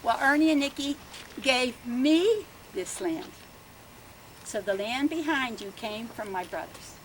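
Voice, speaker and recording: A woman's voice: sits high, animated, measured pace, a little hiss or hum, rough recording. An older woman speaking outdoors at a garden ceremony, chatty and laughing, often tagging "huh?" onto her sentences. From Bellevue, Pennsylvania. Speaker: family speaker at a land dedication. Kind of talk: ceremony speech, storytelling.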